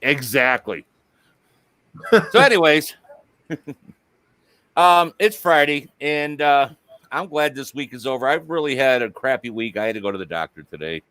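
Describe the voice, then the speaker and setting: A man's voice: mid-range voice, animated, normal speed, long pauses, sharp tone. A man hosting a casual live-stream chat, joking crudely and swearing freely. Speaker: host.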